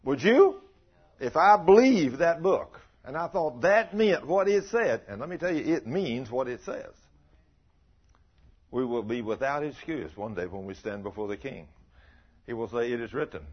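Telling stories and questioning his listeners, an older man gives a folksy sermon in a husky mid-range voice with big swings in pitch. He speaks at a normal speed, and the lo-fi recording sounds muffled.

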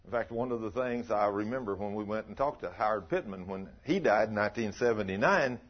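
A folksy sermon comes from an older man whose voice is on the low side and whose pace is brisk. He shares stories and asks the congregation questions, though the lo-fi recording is muffled.

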